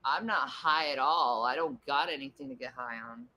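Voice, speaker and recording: Bright-voiced woman rambling on a livestream. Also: extremely low pitch, moderate pace, low-quality recording. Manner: rambling, laughs often, coos at her pet. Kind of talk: casual livestream chat, answering comments.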